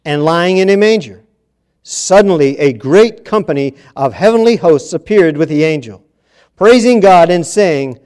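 A man preaching a sermon in a church, reading scripture and repeating key phrases with emphasis, moving between hushed and loud passages. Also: fairly high pitch, animated, normal speed.

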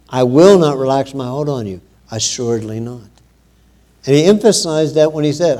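A male preacher delivers a sermon at a slow, deliberate pace, in a mid-range voice. He talks loosely and conversationally, pausing often, and swells higher and louder whenever he reads out scripture. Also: expressive. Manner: rises louder and higher when quoting scripture.

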